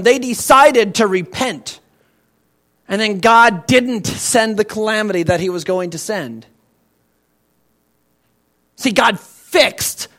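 A man preaching a sermon as pastor, emphatic and conversational, asking the congregation questions and swinging between loud and quiet. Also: extremely high pitch.

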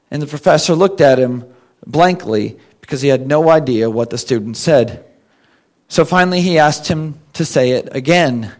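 High-voiced man preaching a sermon. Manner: reads scripture slowly with rising emphasis, then explains conversationally. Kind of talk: sermon with scripture reading.

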